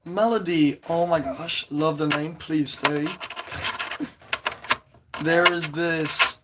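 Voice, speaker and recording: A man hosting a casual livestream, greeting viewers and rambling excitedly about shows and quotes, with a voice still a little hoarse. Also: a little high, takes it slowly, heavy background noise. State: voice slightly hoarse, recovering. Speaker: livestream host reading chat.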